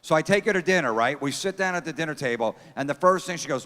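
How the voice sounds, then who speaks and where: A man doing a crude, deadpan stand-up comedy set, riffing with the crowd from a theater stage. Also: mid-range voice, quick pace. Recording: long theater reverb.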